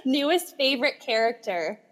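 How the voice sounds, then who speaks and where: A woman co-hosting a book podcast, talking in an animated, giggly way about books she liked. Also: high voice, normal speed. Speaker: podcast co-host. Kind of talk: casual book-review chat.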